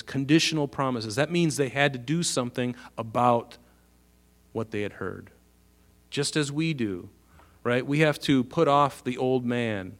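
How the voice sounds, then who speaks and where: A man of middle pitch preaching a sermon. He reads verses aloud with rising emphasis, then explains them in plain, earnest terms. He asks his listeners rhetorical questions along the way. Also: unhurried. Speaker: pastor. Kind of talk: sermon, reading and expounding scripture.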